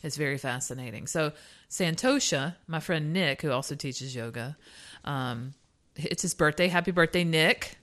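A woman's voice: sits low, moderate pace, a bit bright. A woman co-hosting a podcast in casual chat, talking candidly and reflectively, with casual swearing. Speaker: podcast co-host.

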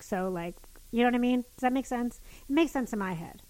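A woman telling a story in casual chat, animated and swearing, with many restarts. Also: medium pitch, a little fast, low-quality recording.

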